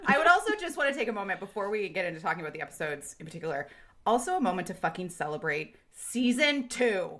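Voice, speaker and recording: A woman hosting a podcast in casual, animated chat, swearing freely and acting out quotes. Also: medium pitch, fast talker. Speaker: podcast host.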